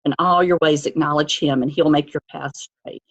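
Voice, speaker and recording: A middle-aged woman speaks as a podcast guest in a gentle, earnest, reflective way. Her voice is husky. The recording sounds dull and muffled. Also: low voice, steady tone, normal speed. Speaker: guest, the host's mother. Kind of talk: casual interview.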